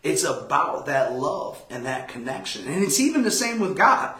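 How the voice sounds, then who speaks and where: A man pastor giving a conversational Bible study sermon, telling stories with animated quoted voices. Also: on the high side, moderate pace. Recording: echoey room.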